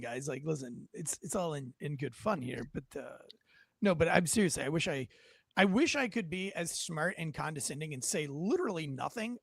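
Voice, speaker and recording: A man's voice: a little high, gravelly, a bit bright, breathy edge, dry recording. A man hosting a casual talk show, joking and rambling before turning to a serious topic. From United States. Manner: joking, rambling, self-deprecating. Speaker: podcast host. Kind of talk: casual chat.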